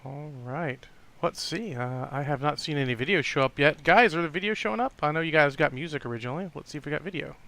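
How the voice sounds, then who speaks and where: A man's voice: a little high, fast talker, vocal fry, fairly bright tone. A man hosting a casual podcast chat over a video call, upbeat and laughing often. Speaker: podcast host.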